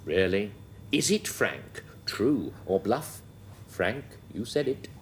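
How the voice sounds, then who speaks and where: A man's voice: lowish voice, sing-song, takes it slowly, a little hiss or hum. Dryly amused male quiz host. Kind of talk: hosting a panel game.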